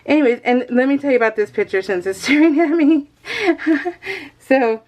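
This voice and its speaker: A woman's voice: high voice, expressive, moderate pace, darkish tone. A middle-aged woman talks casually to her viewers from home. She rambles and restarts her sentences and often laughs as she goes. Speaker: crafting vlogger. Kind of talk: casual chat.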